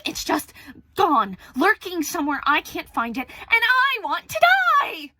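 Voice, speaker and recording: A woman's voice: high voice, a bit bright, dry recording. A woman playing frazzled, swearing lockdown loner. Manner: frazzled, swearing, venting, drops to near whispers. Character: young woman alone in lockdown, spider-terrified. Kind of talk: stage monologue.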